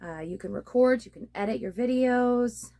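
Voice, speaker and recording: A young woman with a fairly high, warm voice chats casually at a normal speed into her phone camera, which sits on a ring light tripod. She's a beginner podcaster and blogger talking about launching a podcast, and she pokes fun at her own mistakes, laughing whenever she slips up.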